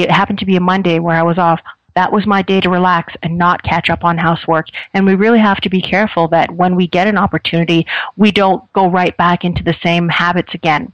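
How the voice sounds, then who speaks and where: A middle-aged woman speaks earnestly and thoughtfully about her own experience, pausing often and restarting her phrases. The sound is a little dull and muffled. The voice is dry, with no room echo. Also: on the low side. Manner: earnest, reflective, many small restarts. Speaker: speaker sharing a personal story. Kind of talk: personal testimony.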